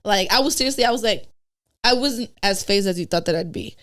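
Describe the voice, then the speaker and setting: Here a woman with a medium-pitched voice speaks fairly quickly while guesting on a podcast. Her casual story is blunt and profane, and she animatedly plays out who said what.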